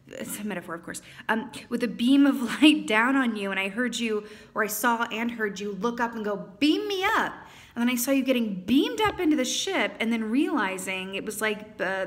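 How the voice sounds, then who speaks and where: A woman giving a casual tarot reading to camera, animated and quick to exclaim, acting out quoted lines. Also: a little high. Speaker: tarot reader.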